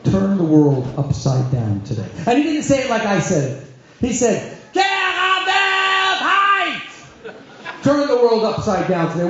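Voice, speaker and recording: A man, a rabbi, telling stories to a congregation with wry humor and lively acted-out voices. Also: very high voice. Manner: animated storyteller, wry humor, acts out quoted voices. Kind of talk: storytelling talk to a congregation. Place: synagogue hall. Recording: echoey hall, dull lo-fi sound.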